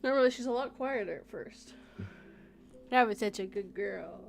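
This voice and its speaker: A woman hosting a casual live-stream chat, talking in a playful, animated way and breaking off to coo at her dog. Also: mid-range voice, normal speed, creaky, slight background noise. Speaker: podcast host.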